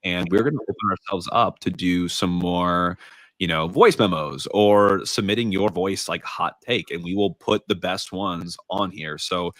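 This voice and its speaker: Low-voiced podcast host with a Midwest accent. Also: male voice, unhurried, no echo. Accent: American Midwest. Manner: animated, emphatic, laughs easily. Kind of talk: casual sports podcast chat with ad reads.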